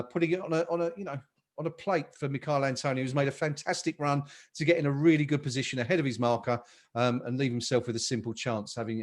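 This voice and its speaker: Upbeat man hosting a live match stream. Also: fairly high pitch. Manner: upbeat, reads out viewer comments. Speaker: podcast host.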